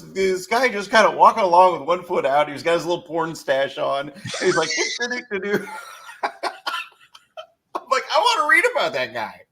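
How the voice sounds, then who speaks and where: A man hosting an interview with an author, chatty and quick to laugh. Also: fairly high pitch. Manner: warm, chatty, laughs easily. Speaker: interview host, fellow author. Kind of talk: casual interview chat.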